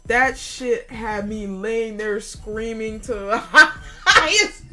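A woman hosting a podcast delivers a casual, profane comedic rant in a fairly high voice at a slow pace, with loud music playing. She's loud, laughs often, and yells in the middle of her story.

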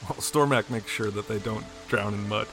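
A man's voice: fairly low pitch, moderate pace, fairly bright tone. A man casually playing a tabletop game in a laid-back, joking manner. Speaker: player. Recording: background music.

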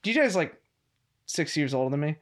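High-voiced man, animated podcast co-host. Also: a little fast. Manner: animated storyteller, laughs often. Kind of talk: casual chat.

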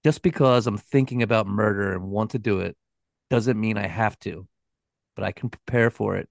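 Man doing a nasal nerdy creep, flat and mundane. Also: fairly low pitch, moderate pace, vocal fry, no room sound, clean studio sound. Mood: bitter. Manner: rambling, matter-of-fact recitation.

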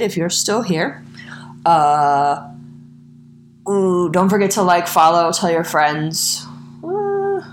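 A woman's voice: on the low side, reverberant. A woman hosting a true crime podcast, talking bluntly and with a lot of profanity. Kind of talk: angry rant then casual sign-off.

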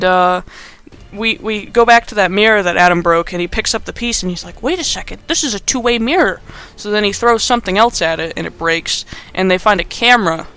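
A podcast host with a high, bright, forceful voice that is clear and resonant recaps a movie. His chat is casual, sarcastic and rambling, heavy on fillers and asides.

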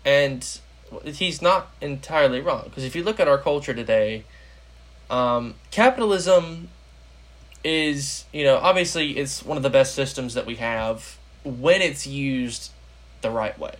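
A man's voice: mid-range voice, a little slow, a bit bright. A young American man hosting a casual political podcast, rambling with lots of fillers. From United States. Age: young adult. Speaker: podcast host.

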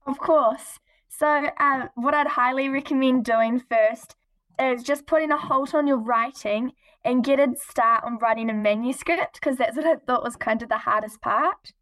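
A woman's voice: high-pitched, normal speed, a bit bright. A teenage girl, a guest on a podcast, who answers politely and earnestly and giggles between points. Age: teens. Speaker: guest, young poet. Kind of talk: casual interview chat.

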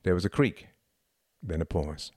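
Deep-voiced man narrating a novel. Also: expressive, dry recording, studio quality. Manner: quiet, measured storytelling. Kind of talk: audiobook narration.

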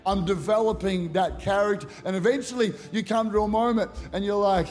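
A man's voice: high-pitched, fairly quick, hardly any pauses, darkish tone. A middle-aged male pastor preaching a conference sermon into a handheld microphone, emphatic and acting out prayers. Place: large church auditorium at a conference.

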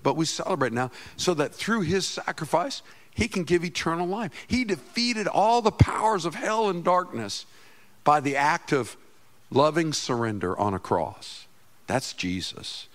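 A middle-aged man, a pastor, preaching a sermon with passion, swinging from loud outbursts to quiet asides. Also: fairly high pitch, lively intonation, measured pace.

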